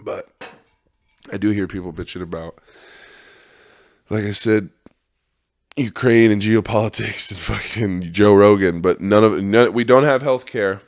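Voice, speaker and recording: Low-voiced man in a rambling podcast rant. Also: steady tone, unhurried, long pauses, a little mellow. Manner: rambling, profane, laughs often. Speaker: podcast host. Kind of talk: casual podcast monologue.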